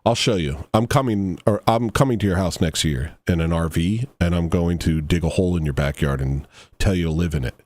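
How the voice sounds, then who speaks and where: A man with a fairly low voice, recorded dry and close with no room sound. He hosts a livestream and rambles through mock-serious commentary, wandering into asides and half-finished thoughts. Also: a little fast, darkish tone, no room sound. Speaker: livestream host reacting to a video.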